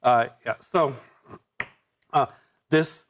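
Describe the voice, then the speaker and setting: A man narrating as game master of a live tabletop game, talking haltingly with many fillers and restarts. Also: mid-range voice, slight background noise.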